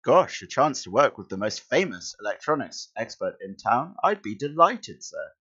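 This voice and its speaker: A man's voice: mid-range voice, very animated, moderate pace, a bit bright, slightly rough, exaggerated voice. A man voicing an eager, earnest young male student hero while reading a comic aloud, in a somewhat muffled recording.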